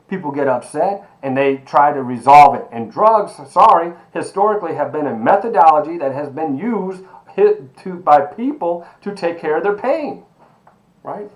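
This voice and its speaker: Animated, emphatic male sociology professor. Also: a little high, moderate pace, rough recording. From Miami. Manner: animated, emphatic, rhetorical questions, calls students baby. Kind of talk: online lecture.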